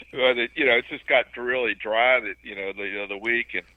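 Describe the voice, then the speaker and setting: A man's voice: mid-range voice, fairly even intonation, normal speed, dry recording. A man calling into a casual show, telling amused anecdotes and laughing along. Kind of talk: casual radio show chat. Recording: tinny dry phone line.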